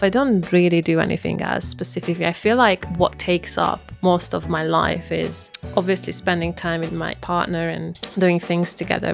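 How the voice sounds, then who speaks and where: Chatty Hungarian woman with a gravelly edge. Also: on the low side. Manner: chatty and self-deprecating, lots of "like". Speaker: vlogger. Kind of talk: casual get-to-know-me chat.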